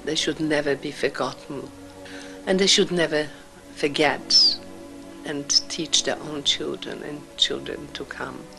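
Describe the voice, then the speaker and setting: Older woman, slow halting testimony, gravelly fry, breathy whispers. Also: low-pitched, fairly even intonation, music in the background, rough recording. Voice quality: gravelly, husky voice. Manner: slow, emotional, halting delivery with whispered passages. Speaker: Holocaust survivor speaker. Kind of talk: personal testimony.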